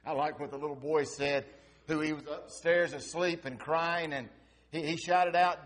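A man preaching a sermon with dramatic storytelling, swinging between loud exclamations and hushed passages. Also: fairly high pitch, fairly even intonation, a little slow. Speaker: pastor.

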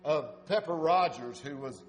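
A man preaching a sermon, telling folksy stories and swinging between loud urging and soft asides. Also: on the high side, unhurried. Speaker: pastor.

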